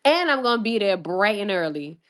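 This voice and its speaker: A woman hosting a casual livestream, excitable and rambling, swearing freely and laughing often, with many restarts. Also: mid-range voice, a little fast. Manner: rambling with frequent restarts and fillers. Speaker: livestream host.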